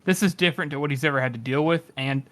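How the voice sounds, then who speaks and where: A man co-hosting a book podcast, talking in a relaxed, chatty way. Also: a little high, very fast, no room sound. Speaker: podcast co-host. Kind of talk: casual book discussion.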